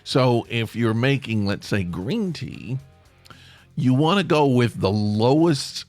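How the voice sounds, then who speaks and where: A man hosts his podcast solo, rambling along with playful asides and plenty of restarts. His pitch swings up and down, and his voice sounds dry and close. Faint music plays underneath. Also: expressive, slow, darkish tone, no echo. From United States. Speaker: podcast host. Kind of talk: casual solo podcast monologue.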